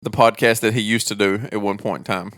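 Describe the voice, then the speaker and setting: A man with a country accent co-hosting a casual podcast, telling stories with dry, deadpan teasing. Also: fairly low pitch, a little fast, dry recording. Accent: rural country accent. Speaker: podcast co-host. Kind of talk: casual chat, storytelling.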